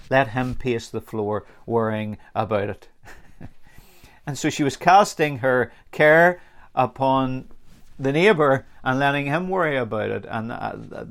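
A man preaching a sermon, earnest and lively, with dramatic pauses and acted-out anecdotes. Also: mid-range voice, gravelly.

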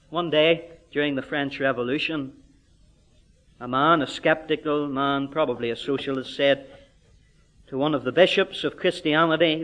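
Male preacher with a high voice, emphatic, building to loud declarations and dropping to hushed asides. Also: expressive, a little fast. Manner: emphatic, dramatic swings in pitch and volume. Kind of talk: sermon.

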